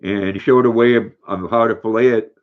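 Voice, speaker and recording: A man's voice: lowish voice, fairly even intonation, a little fast, narrow, tinny audio. Older man chatting on a livestream. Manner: reads viewer comments aloud, coos baby talk to his dog. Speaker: livestream host. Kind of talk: casual livestream chat.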